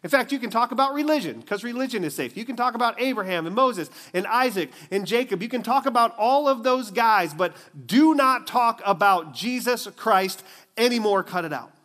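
A man's voice: extremely high pitch, lively intonation, moderate pace, fairly bright tone, pitched above the performer's own voice. A man preaching who puts on the voice of scornful male religious leaders, mocking and bossy. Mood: threatening.

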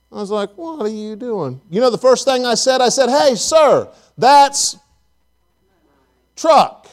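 A man preaching a sermon in church, telling folksy stories and asking the congregation questions. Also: high-pitched. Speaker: pastor.

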